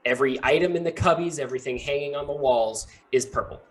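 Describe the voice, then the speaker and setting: A man hosting and running a tabletop game, narrating scenes in a relaxed way with many fillers. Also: a little high. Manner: relaxed, filler-heavy, describes scenes slowly. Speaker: game master and host.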